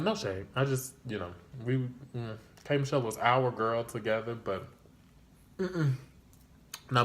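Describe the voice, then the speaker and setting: A young man telling a casual storytime vlog, slangy and full of fillers, leaping into a high excited voice when he quotes himself. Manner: animated, jumps to high excited pitch when quoting himself; loose slangy chat with many fillers. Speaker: storyteller vlogger.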